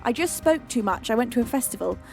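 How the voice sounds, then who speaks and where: A British woman hosts a live music stream, greeting her chat with gushing, affectionate nicknames and calling viewers "beans" as she recovers from losing her voice. She talks fast and animatedly in a slightly high, gravelly voice with a darkish tone.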